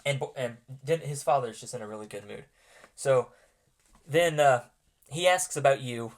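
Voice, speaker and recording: Describing scenes for his players, a tabletop role-playing game master narrates in a mid-range voice. He goes haltingly, stumbling over frequent ums and restarts.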